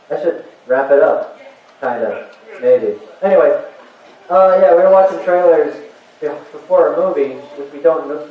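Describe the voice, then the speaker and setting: A man in his forties, voice on the high side, rambles through an animated stand-up bit on a convention stage with a live audience. Fillers and self-laughs pepper his chatty delivery. The recording is muffled, distant and very echoey.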